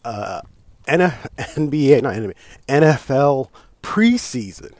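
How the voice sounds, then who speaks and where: With a medium pitch and measured pace, an American man hosts a laid-back talk show and rants about sports, recorded with no room sound. Expect heavy swearing, laughter, restarts and animated outbursts in his loose delivery.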